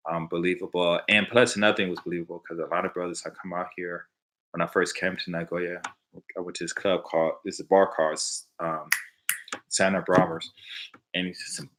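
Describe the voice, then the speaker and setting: A man from Los Angeles speaks with an American accent in a low, deep register. His tone is bright and forceful. He tells casual stories in an animated way and slips into the voices of the people he quotes. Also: slight background noise. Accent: American English. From Los Angeles, USA. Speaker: vlogger answering viewer questions. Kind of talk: casual storytelling.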